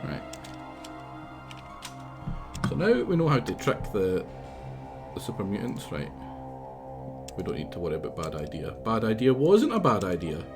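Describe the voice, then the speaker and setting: A man's voice: on the low side, huge pitch swings, moderate pace, long pauses, music in the background. A Scottish man streaming a game live, rambling casually, swearing freely and talking back at the game. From Scotland. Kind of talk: casual live gameplay commentary.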